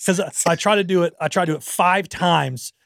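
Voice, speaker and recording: A man's voice: high-pitched, brisk, gravelly, fairly bright tone, no room sound. A man co-hosting a podcast in a joking, self-mocking casual chat. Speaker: podcast co-host.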